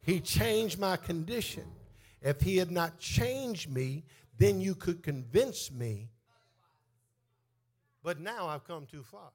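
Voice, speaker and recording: A male pastor preaching a sermon in church. He tells a funny story, then builds into a sing-song, shouted call to the congregation. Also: high voice, animated, takes it slowly.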